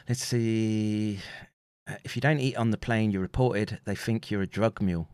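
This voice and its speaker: A man's voice: on the low side, fairly even intonation, normal speed, a little mellow, smooth, no echo, studio quality. An English man hosting a casual livestream, rambling, chuckling between remarks and reading viewer comments aloud. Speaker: livestream host reading chat.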